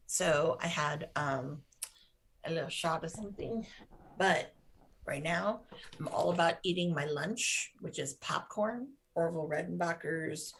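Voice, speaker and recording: A woman co-hosting a podcast, talking in a relaxed, rambling, offhand way. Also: low voice, gravelly, a little hiss or hum. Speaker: podcast co-host. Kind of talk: casual podcast chat.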